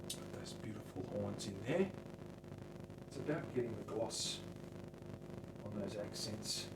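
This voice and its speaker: A man's voice: fairly low pitch, unhurried, gravelly, very noisy. A man with an Australian accent chatting to his live-stream viewers while he works, picked up in his workshop. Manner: chatty, talks to chat viewers by name while working. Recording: roomy workshop sound from a distant mic.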